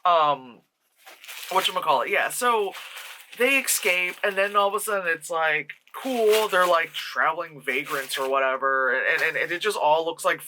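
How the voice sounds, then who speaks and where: A reviewer from the New York tri-state area rambles through a film plot with a bright, sharp-edged voice. The delivery is loose and profane, full of quick mock voices for the characters. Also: medium pitch, slight background noise. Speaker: movie reviewer.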